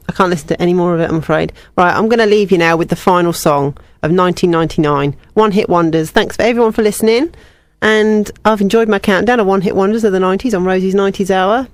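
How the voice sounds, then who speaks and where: A woman's voice: medium pitch, dry recording. Chatty woman radio DJ. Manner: chatty, personal asides between songs. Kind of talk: student radio show presenting.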